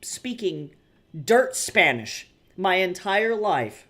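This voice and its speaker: A woman's voice: lowish voice, moderate pace. A woman streamer chatting casually, rambling and swearing as she tells stories. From United States. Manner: rambling, swearing, animated storytelling. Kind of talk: casual chat while drawing.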